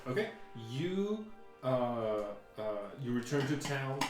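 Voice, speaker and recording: A man narrating a tabletop game as its game master, stopping and restarting often. He talks slowly in a very reverberant room, with faint music underneath. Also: mid-range voice, big pitch swings. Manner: halting, many fillers.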